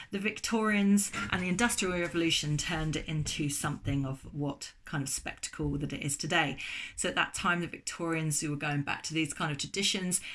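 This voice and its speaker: An English woman in middle age talks in a casual, chatty vlog. Her voice sits low, and her tone stays eager. She fills her pauses with ums as she goes. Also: a bit bright. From England. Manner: chatty, enthusiastic, lots of ums. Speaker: food vlogger. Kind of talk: casual chat.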